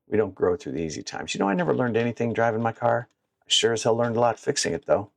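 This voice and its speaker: A man giving casual gameplay commentary that turns into blunt, profane, animated stories, recorded on a clip-on mic at home. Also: mid-range voice, fast talker, creaky, no echo. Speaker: gaming streamer. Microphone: wireless clip-on mic.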